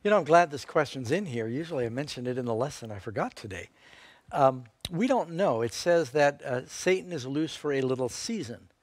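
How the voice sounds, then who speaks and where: A man, a pastor co-hosting a Bible question-and-answer show, answering in a relaxed, halting way with many fillers. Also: medium pitch. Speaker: pastor and co-host. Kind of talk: unscripted Bible Q&A.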